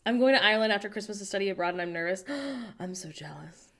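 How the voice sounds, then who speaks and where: An American woman hosting a casual livestream, chatting playfully and reading viewers' messages aloud with animated, self-mocking humor. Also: mid-range voice, quick pace. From United States. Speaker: livestream host reading chat. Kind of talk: casual chat.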